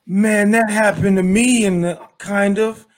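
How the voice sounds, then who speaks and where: A man's voice: sits high, steady tone, unhurried, voice pushed up. A man playing a recovering American comedian who stammers eagerly. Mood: jittery.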